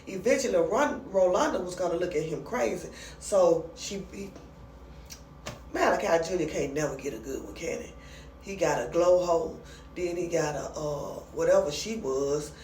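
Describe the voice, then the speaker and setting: A woman chatting casually as she recaps a comedy skit, acting out the lines in lively voices. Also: fairly low pitch, normal speed, far from the mic, slight background noise. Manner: chatty, retells scenes with animated quoted voices. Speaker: reaction commentator. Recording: roomy sound from off the mic.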